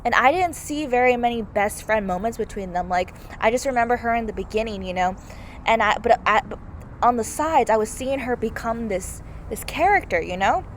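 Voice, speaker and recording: A young woman gushes through a casual movie review, sprinkling in plenty of "like" and "oh my God." Her voice is a little high, expressive, and brisk, with faint background noise behind her.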